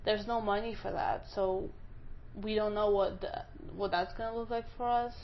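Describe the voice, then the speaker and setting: A woman's voice: mid-range voice, steady tone, moderate pace, dull audio, a little hiss or hum. A young woman from Russia, speaking with a Russian accent, chatting casually in an interview with lots of fillers. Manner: chatty, many fillers, acts out quoted speech.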